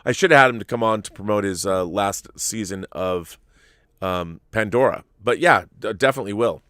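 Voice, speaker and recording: A middle-aged man hosting a live stream, reading viewer messages and answering them in a halting, rambling way. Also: on the low side, bright, forceful tone, clear, resonant tone, dry recording, clean studio sound. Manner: rambling, halting, restarts often. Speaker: host.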